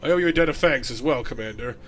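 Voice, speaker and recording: A man's voice: fast talker, a bit bright, close to an everyday voice. A man doing a grave, solemn old lord. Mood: solemn gravity. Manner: solemn, formal and lowered. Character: grave older nobleman lord, grieving father.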